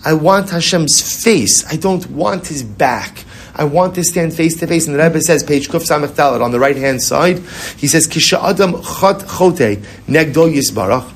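A man's voice: fairly high pitch, expressive, moderate pace. Male Torah teacher, chatty and repetitive, rhetorical questions, Hebrew terms woven into English, faint hiss behind. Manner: conversational, repeats phrases, asks rhetorical questions. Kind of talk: Torah class.

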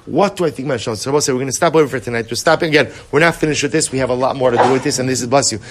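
A middle-aged man teaching a Torah class to his study group, animated and repetitive, often acting out inner voices. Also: medium pitch, rapid-fire, background noise. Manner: animated, repetitive, acts out inner voices, mixes Hebrew terms.

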